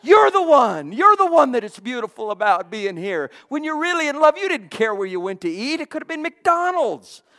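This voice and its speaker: A pastor preaching a sermon with fervor, repeating phrases and dropping from loud exclamations to hushed asides. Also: sits high, very animated, normal speed, hardly any pauses.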